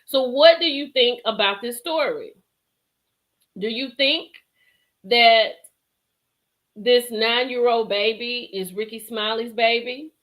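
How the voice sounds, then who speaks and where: A woman's voice: fairly high pitch, slow pace, pauses often. A woman hosting a live stream show, chatting with viewers, laughing and reading their comments. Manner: animated, laughs often, chatty Southern-style slang.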